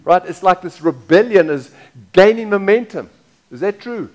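High-voiced man preaching a conversational sermon. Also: expressive, moderate pace, a little mellow. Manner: conversational preaching, asks the crowd questions, repeats phrases. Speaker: pastor.

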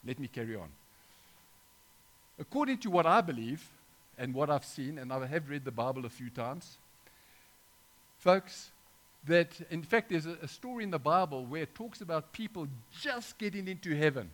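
A man's voice: on the high side, big pitch swings, moderate pace, fairly bright tone. A middle-aged man preaching an informal sermon, talking conversationally with frequent restarts and asides to his listeners.

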